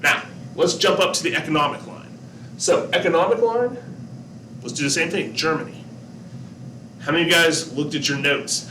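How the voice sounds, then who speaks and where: A man teacher giving a relaxed classroom lesson, talking to his students, asking them questions and joking along the way. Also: on the high side, normal speed, long pauses, a little hiss or hum. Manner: chatty, asks students questions, jokes. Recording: echoey room, distant mic, faint background.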